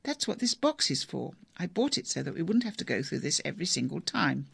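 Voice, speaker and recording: A woman's voice: deep voice, very animated, fairly quick, creaky, fairly bright tone, slightly rough, no room sound, heavily acted. A narrator voicing a harried woman who looks after her difficult father, her voice rising as she loses patience. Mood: exasperated. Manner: exasperated, raised voice.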